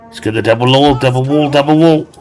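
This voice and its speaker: A man's voice: mid-range voice, fast, darkish tone. A man giving casual, joking gameplay commentary and laughing often. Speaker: gamer.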